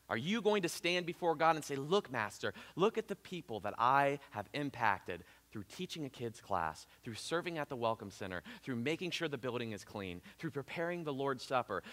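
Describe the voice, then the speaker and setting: A man preaching a sermon as pastor, emphatic, swinging between loud urgent peaks and quiet earnest lows. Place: church sanctuary. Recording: church hall with long reverb.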